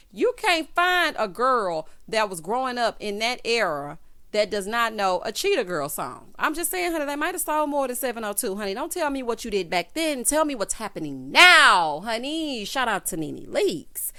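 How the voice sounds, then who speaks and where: A woman's voice: fairly high pitch, bright, forceful tone. Sassy young woman dishing TV recaps. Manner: sassy and dramatic, with asides of "child" and "honey". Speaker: reality TV recap vlogger. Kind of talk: casual recap commentary.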